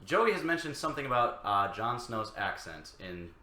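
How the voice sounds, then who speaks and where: A man co-hosting a reaction show, reading viewer comments aloud with halting fillers. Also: mid-range voice, very animated, sharp tone, reverberant, a little hiss or hum.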